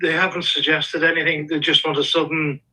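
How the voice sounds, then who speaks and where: A man's voice: fairly high pitch, flat delivery, pushed and bright, breathy edge, poor audio. A man, an actor from England, chatting casually on a video call with many restarts and small laughs. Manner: halting, lots of restarts and laughs. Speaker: actor guest.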